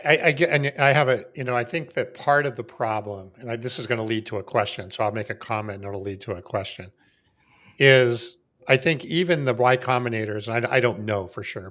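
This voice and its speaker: A man hosting a business podcast in a middle-pitched voice. He circles his point out loud, stopping and restarting before he lands on his question. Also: brisk. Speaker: podcast host. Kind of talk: podcast interview.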